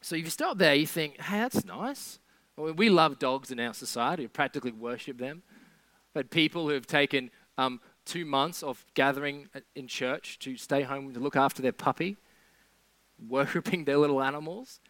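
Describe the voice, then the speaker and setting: A man's voice: medium pitch, moderate pace, a bit bright, no echo. A man preaching a sermon in a conversational way, with sarcastic asides.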